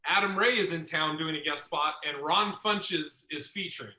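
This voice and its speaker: A man hosting a podcast, telling a comedy club story in a casual, profane, animated way. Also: fairly high pitch, moderate pace, reverberant, low-quality recording.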